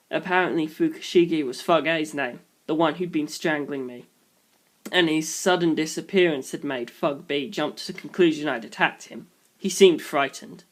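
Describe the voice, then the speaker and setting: A man's voice: fairly high pitch, moderate pace. Man reading a story aloud. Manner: switches into shouted character voices. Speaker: reader. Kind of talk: dramatic reading of a fan novel.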